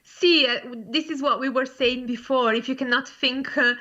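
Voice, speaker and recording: A woman's voice: high voice, fairly even intonation, moderate pace, bright, forceful tone. A woman with an Italian accent, a native Italian speaker, co-hosting a live online lesson and patiently explaining grammar with small hesitations. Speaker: Italian teacher co-host. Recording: dull lo-fi remote audio.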